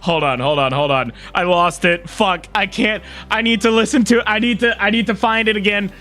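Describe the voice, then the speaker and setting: A man's voice: high voice, moderate pace, bright, forceful tone, faint music behind. A young man streaming a game from home on a desk mic, chatting casually in a giggly, profane, self-mocking way. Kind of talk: casual live-stream chat while gaming.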